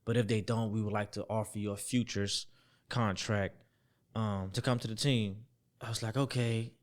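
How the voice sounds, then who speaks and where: A young man telling a story as a podcast guest, acting out the voices he quotes, dropping to near-whispers and then jumping up loud. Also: fairly low pitch, fairly even intonation, moderate pace. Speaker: podcast guest, former football player. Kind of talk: storytelling in a casual interview.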